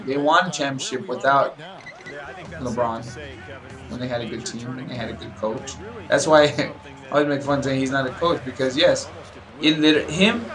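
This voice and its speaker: A man's voice: mid-range voice, poor audio. A young man casually rambling about basketball while commenting on his own gameplay, often mimicking players and coaches.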